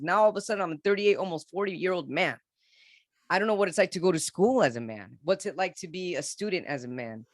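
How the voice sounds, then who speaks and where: A man's voice: fairly high pitch, a bit bright, dry recording. Earnest man telling his story, dry sound. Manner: earnest, halting, with frequent restarts and repeats. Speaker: podcast guest. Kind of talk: candid personal storytelling in an interview.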